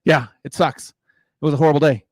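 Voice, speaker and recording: A man's voice: a little high, steady tone, fairly quick, a little mellow, dry recording, studio quality. A middle-aged man doing a crude, rambling stand-up set who laughs at his own jokes, on a mic in a small garage room. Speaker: stand-up comedian. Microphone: microphone in a garage.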